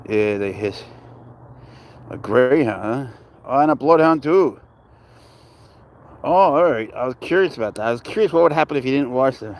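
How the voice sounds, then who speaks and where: A man's voice: medium pitch, lively intonation, moderate pace, pauses often. A young man hosting a casual home livestream, rambling and joking, greeting viewers by name. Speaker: livestream host and serval cat owner. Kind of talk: casual livestream chat reading viewer comments. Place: home, indoors.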